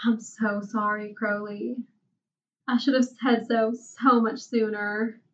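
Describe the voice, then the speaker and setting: A woman's voice: a little high, level tone, takes it slowly, a little hiss or hum. A woman voicing a remorseful, blunt young woman in a read-aloud story, speaking with earnest emphasis. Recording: distant, dull lo-fi mic.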